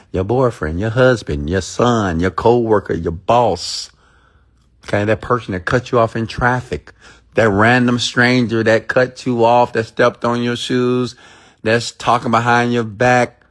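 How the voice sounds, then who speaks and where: A man giving a casual motivational talk to viewers, emphatic and repetitive, often checking in with his audience and acting out the thoughts in their heads. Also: fairly low pitch. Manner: acts out inner thoughts in quoted asides. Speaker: motivational speaker hosting a livestream.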